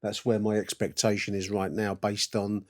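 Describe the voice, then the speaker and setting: A man hosting a football podcast, talking in a measured, hesitant way with many fillers and addressing the listeners. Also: lowish voice, flat delivery. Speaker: podcast host. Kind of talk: casual podcast commentary.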